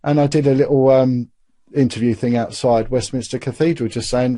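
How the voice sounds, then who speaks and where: A man's voice: mid-range voice, a little fast, no room sound, clean studio sound. A middle-aged man, once a police officer, telling his story in candid conversation and acting out the dialogue he quotes. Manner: animated, acts out quoted dialogue, repeats and restarts words. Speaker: interview guest, former police officer.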